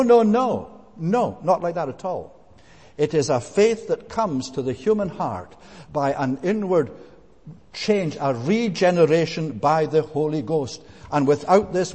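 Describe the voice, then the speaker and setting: A man's voice: on the high side, darkish tone. A man preaching a sermon, emphatic and repetitive, with frequent hesitant fillers. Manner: emphatic, repeats points with rising stress, frequent "eh" and "uh" fillers. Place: church. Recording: long reverb of a church hall.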